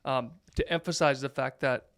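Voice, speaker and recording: A man in his thirties, a pastor, telling a story in a relaxed chat with plenty of fillers. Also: mid-range voice, moderate pace, creaky, clear, resonant tone, dry recording, clean studio sound. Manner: animated storyteller, many fillers. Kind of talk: casual podcast storytelling.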